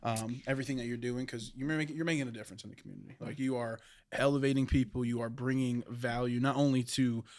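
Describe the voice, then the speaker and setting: A man's voice: medium pitch, steady tone, quick pace, a little mellow. A man hosting a podcast, playful and jokey, often repeating words as he starts a sentence. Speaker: podcast host. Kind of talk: casual interview chat.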